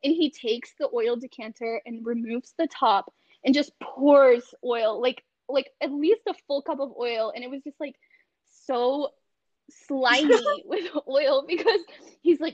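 A young woman speaks casually as a podcast guest, full of fillers and quick laughs. Her voice sits fairly high and the call audio is muffled and lo-fi. The sound is very dry, with no room echo. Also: darkish tone. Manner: chatty, many fillers, laughs often. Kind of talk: casual conversation on a video call. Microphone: video call.

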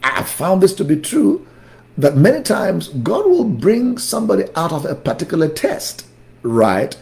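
A man preaching at a Bible study, fervent and emphatic, repeating key words and swinging between loud and soft. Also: a little high, huge pitch swings, moderate pace, gravelly. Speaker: pastor leading a Bible study. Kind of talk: sermon.

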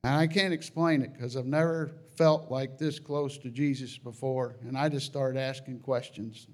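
A man sharing a personal religious testimony about a dream, in an earnest, halting way with frequent restarts, sometimes rising high and loud with feeling. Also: fairly even intonation. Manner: rises high and loud at emotional peaks.

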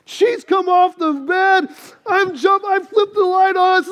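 Man, pastor, sermon, very high voice, animated storytelling. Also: slow pace. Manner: animated storytelling, swings from loud outbursts to low asides.

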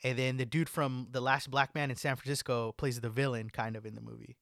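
A laid-back young man in loose, casual chat, cursing freely and filling his sentences with "like." His voice sits at an ordinary middle pitch. It is recorded close and dry, with no room sound. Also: level tone, brisk, creaky, a bit bright, no room sound. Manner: laid-back, swears a lot, says "like" constantly.

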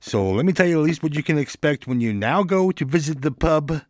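A man's voice: on the high side, lively intonation, brisk, dry recording, clean studio sound. A man hosting a casual solo podcast, laid-back and joking, chuckling now and then as he talks. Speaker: podcast host.

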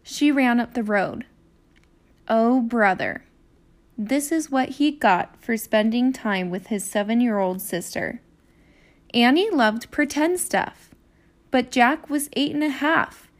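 A woman teacher hosting her own podcast, reading a children's chapter book aloud in a clear, expressive way. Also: on the high side, takes it slowly.

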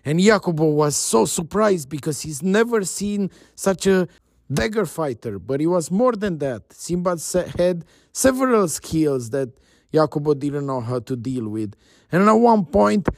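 A man narrating a story in a casual, animated, chatty way. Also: fairly high pitch, unhurried, no room sound, studio quality.

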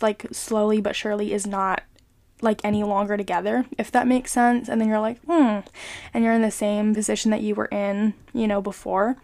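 A young woman talking casually and earnestly about her faith, hesitant and full of filler words. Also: mid-range voice. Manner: hesitant, full of ums and you-knows; earnest, soft-spoken. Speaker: vlogger sharing a faith reflection. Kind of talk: casual devotional talk.

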